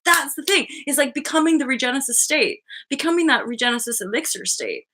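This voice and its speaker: Bubbly woman in her thirties, bright voice. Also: high-pitched, expressive, fairly quick. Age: 30s. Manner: bubbly, swears a lot, laughs often; acts out voices in her stories. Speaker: host. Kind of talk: casual live-stream chat.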